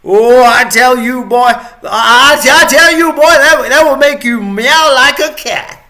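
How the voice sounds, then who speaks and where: A man putting on a loud American Southern voice, playing a hyped-up man cheering on donations with a repetitive, drawling delivery. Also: extremely high pitch, measured pace, voice pushed up, exaggerated voice.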